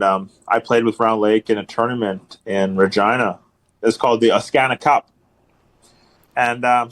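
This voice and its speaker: Guy rambling thru hockey stories on a podcast, lots of ums, mid pitch voice. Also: a bit bright. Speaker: podcast guest, hockey enforcer. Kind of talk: casual storytelling chat.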